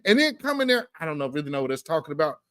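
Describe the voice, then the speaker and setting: A man's voice: on the high side, sing-song, racing, fairly bright tone, clear, resonant tone, dry recording, studio quality. A man hosting a political commentary show, talking in an emphatic, slangy, fired-up way.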